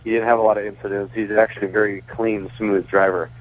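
A somewhat low-voiced man comes through a thin, phone-like line as a radio guest. He talks casually and keeps correcting himself mid-sentence, with a good-humored laugh never far away. He tells long stories with easy enthusiasm. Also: flat delivery, fast. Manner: chatty, self-correcting, laughs while talking. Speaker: guest, pitcher and race team owner. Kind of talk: phone interview, casual storytelling.

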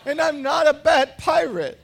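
A man's voice: very high-pitched, very animated, a little slow, gravelly, pitched above the performer's own voice, exaggerated voice. A man putting on the voice of an upset six-year-old boy while retelling a story in a sermon. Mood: indignant. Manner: whiny, indignant.

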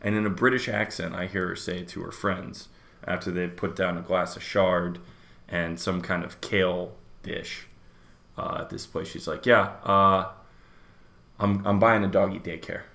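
Deep gravelly man, low-key podcast co-host, dry and sardonic. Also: level tone, moderate pace, fairly bright tone, echoey room. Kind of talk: casual chat.

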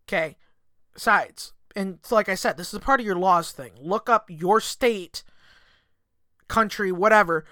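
Bright-voiced, swearing male podcaster. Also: high-pitched, measured pace, no echo, studio quality. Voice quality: profane, rambling, emphatic. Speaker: podcast host. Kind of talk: solo podcast monologue. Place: home in Michigan. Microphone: desk podcast mic.

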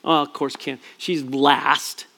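A man's voice: mid-range voice, little pitch movement, slow pace, gravelly, sharp tone. A middle-aged man, a pastor, telling a personal family story in a chatty, self-deprecating way, full of fillers and restarts. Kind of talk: storytelling sermon.

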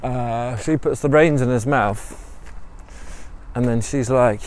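A man's voice: mid-range voice, takes it slowly, darkish tone, a little hiss or hum. A man hosting a podcast, making up a story as he walks along a city canal, rambling with many ums and self-corrections. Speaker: podcast host. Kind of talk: improvised storytelling while walking.

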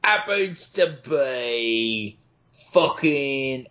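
A man doing a crude, boastful male football star, drawing his words out slowly and then shouting. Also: mid-range voice, expressive, lo-fi sound, pitched below the performer's own voice, full character voice.

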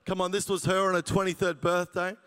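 A man's voice: high voice, flat delivery, fairly quick, fairly bright tone, clean tone. A man, preaching his testimony as a jokey storyteller who laughs at his own lines. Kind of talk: sermon testimony. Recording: reverberant church hall.

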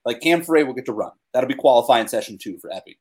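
A young man co-hosting a casual podcast, talking with excitement and leaning on fillers like "like" and "dude". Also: mid-range voice, quick pace, slightly rough. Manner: enthusiastic, filler-heavy, says like and dude a lot. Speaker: podcast co-host. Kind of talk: casual chat.

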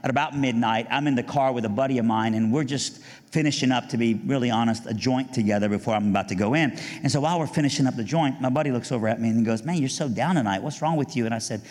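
Animated man telling a testimony in a hall. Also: quick pace. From Iran. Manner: animated, jokey, mimics voices, rises high for punchlines. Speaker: speaker giving a testimony. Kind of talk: storytelling testimony with humor. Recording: long hall reverb.

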